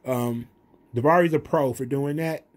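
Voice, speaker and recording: A man's voice: mid-range voice, normal speed. A man hosting a wrestling review channel, recapping a show in a blunt, profane, rambling way.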